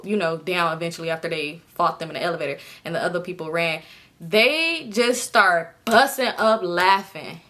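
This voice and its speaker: A woman in her twenties telling a story casually to camera, animated and swearing freely, jumping up in pitch when she acts out other people. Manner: swears freely, talks straight to viewers. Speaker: storytime vlogger.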